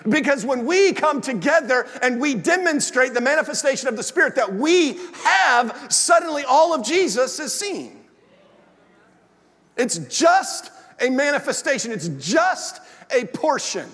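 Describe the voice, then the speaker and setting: A male pastor with a strikingly high voice delivers a sermon in an animated storytelling manner. His words ring out with a long reverb from a large church hall. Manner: animated storytelling with acted asides.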